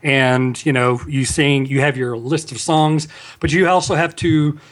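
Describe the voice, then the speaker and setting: A man talks as a podcast guest, his voice a little above average pitch. He tells his stories in a relaxed, easygoing manner. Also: measured pace. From Texas. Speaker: guest actor. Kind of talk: casual podcast chat.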